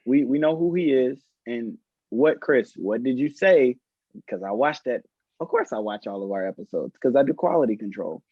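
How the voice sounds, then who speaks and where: Podcast host guy asking questions, pretty measured, dull dry sound. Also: medium pitch, animated, slightly rough, no echo. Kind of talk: casual podcast discussion.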